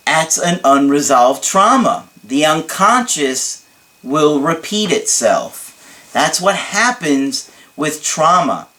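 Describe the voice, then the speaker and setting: Joking relationship coach, higher-voiced man. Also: pushed and bright. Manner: joking and self-mocking, laughing at his own asides; earnest and explanatory when giving advice. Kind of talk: casual video talk reading and answering a viewer's letter.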